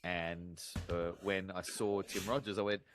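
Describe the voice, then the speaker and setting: A man co-hosting a casual film review podcast, ranting with animated disbelief. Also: low-pitched, unhurried, noisy background. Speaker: podcast co-host.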